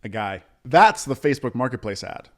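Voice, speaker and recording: A man trading crude banter on a relaxed podcast. He swears freely and keeps the talk animated and joking. He often slips into exaggerated voices to mock people. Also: mid-range voice, brisk. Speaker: podcast co-host.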